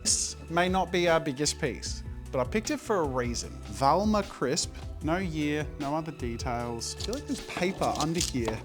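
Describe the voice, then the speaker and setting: A man in his thirties narrating a painting vlog in an energetic, enthusiastic, chatty way. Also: fairly high pitch, normal speed, hardly any pauses. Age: 30s. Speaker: art YouTuber. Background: music.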